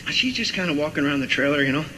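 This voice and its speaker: A man, a comedian guest, telling a funny anecdote in an animated and emphatic way. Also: fairly high pitch, rapid-fire. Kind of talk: comic anecdote. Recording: loud noisy background.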